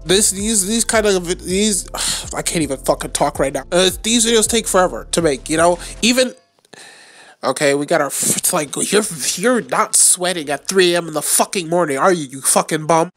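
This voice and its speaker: Man, gameplay commentary, trash talk, lively swooping voice, faint music behind. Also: normal speed. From United States. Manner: excitable trash talk with frequent swearing; bursts into sudden high-pitched yells. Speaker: gaming channel host. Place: at home late at night.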